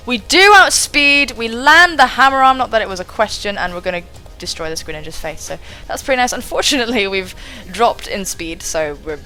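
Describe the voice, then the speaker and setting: Young woman, bright animated commentary, excitable and sweary, faint game music behind. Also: mid-range voice. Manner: excitable, swears casually, thinks aloud. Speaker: gaming channel host.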